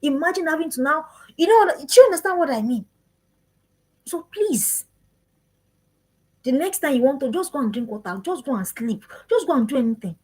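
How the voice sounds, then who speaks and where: A woman's voice: high-pitched, animated, normal speed, pauses often, darkish tone, poor audio. A woman giving an earnest parenting talk, repeating her questions in a preaching cadence. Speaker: parenting speaker. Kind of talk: live-streamed parenting talk.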